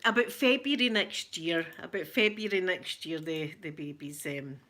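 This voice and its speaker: Excited Scottish woman, bright voice. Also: fairly low pitch, moderate pace. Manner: excited and gushing, greeting viewers by name. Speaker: ASMR livestream host. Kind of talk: casual livestream chat.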